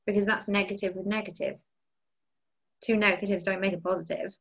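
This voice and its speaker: A woman's voice: medium pitch, fairly even intonation, fairly quick, fairly bright tone, poor audio. Woman talking openly and personally. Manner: open, personal, thinking aloud with restarts. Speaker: guest, content creator and diving instructor. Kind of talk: casual podcast chat.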